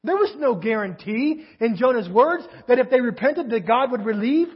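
A man's voice: very high voice, animated, moderate pace, breathy edge, muffled recording. A man preaching a sermon in a conversational way, asking his listeners rhetorical questions. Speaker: pastor.

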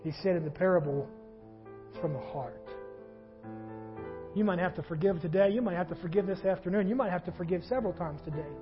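A husky-voiced male pastor preaching a sermon in a church, swinging between quiet reflection and loud fervent passages. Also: high-pitched, fairly quick, pauses often, dull audio, over music. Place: church sanctuary.

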